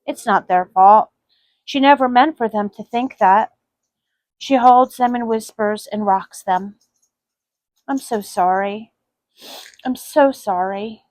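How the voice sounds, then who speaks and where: Woman softly reading her own sad story. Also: medium pitch, no echo, low-quality recording. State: voice cracking with emotion.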